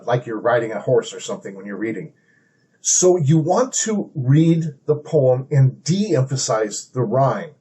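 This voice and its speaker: Mellow-voiced man teaching poetry. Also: mid-range voice. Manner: measured, explanatory, reads verse aloud dramatically. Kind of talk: poetry lesson with readings.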